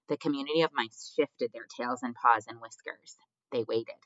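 A man's voice: medium pitch, no room sound. Man narrating a children's storybook. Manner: measured, expressive reading. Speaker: audiobook narrator. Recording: dull dry lo-fi recording.

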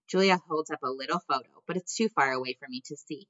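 A woman reads a storybook aloud in a low voice with a bright edge. Her delivery is measured and gently expressive, and the recording sounds slightly muffled. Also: no room sound. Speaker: audiobook narrator. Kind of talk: scripted narration.

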